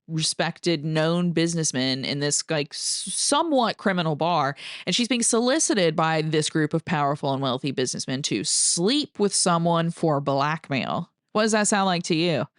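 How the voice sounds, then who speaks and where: A woman's voice: lowish voice, fairly bright tone, no echo, clean studio sound. A woman hosting a podcast, telling a true-crime story in a casual, chatty way, with many fillers and the odd curse. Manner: chatty, frequent "like", casual swearing. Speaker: podcast host.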